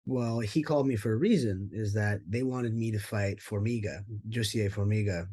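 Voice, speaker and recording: A fairly low, mellow male voice at a normal speed, recorded without echo. He's a former pro fighter being interviewed, telling his life story in a candid, rambling way, full of fillers and casual swearing.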